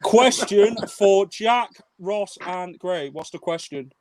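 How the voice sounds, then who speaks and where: A man's voice: high voice, slow, background noise. An English man co-hosting a live fan stream, joking and reading out viewer comments. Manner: jokey, laughing, reads comments aloud. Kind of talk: casual live-stream banter.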